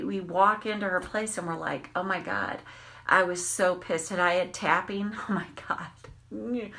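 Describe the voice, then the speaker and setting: A woman coaching on tapping, telling candid, animated stories and swearing freely. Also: lowish voice. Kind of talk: casual storytelling monologue.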